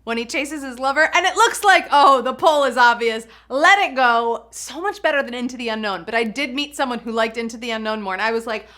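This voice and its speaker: A woman's voice: fairly high pitch, fairly quick, few pauses, bright, forceful tone. A woman hosting a live trivia game, chatty and bubbly, laughing often. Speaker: trivia game show host.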